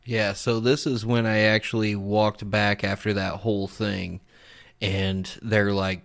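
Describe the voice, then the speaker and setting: A man with a low, gravelly voice hosts a podcast. He narrates recorded clips in a loose, laid-back way and swears freely. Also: flat delivery, normal speed. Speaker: podcast host.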